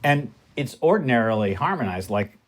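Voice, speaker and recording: A man's voice: mid-range voice, sing-song, normal speed. A man explaining music theory at the piano in a conversational way, often asking rhetorical questions. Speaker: music teacher. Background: piano playing.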